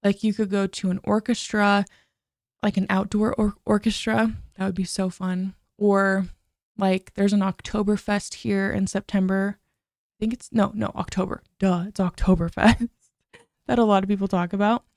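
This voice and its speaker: A woman's voice: medium pitch, little pitch movement, normal speed, darkish tone, dry recording, studio quality. A young woman hosting a podcast, chatting in a bubbly, gushing way full of "like" and "oh my gosh". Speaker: podcast host. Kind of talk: casual chat.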